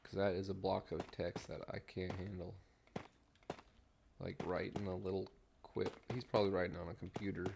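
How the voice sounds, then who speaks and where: A middle-aged man with a low, gravelly voice chats in a mellow, rambling way while he plays a game, humming idly as he builds. He talks into a desk mic, and a steady noise runs behind him along with keyboard clicks. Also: normal speed. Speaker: streamer. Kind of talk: relaxed gameplay commentary.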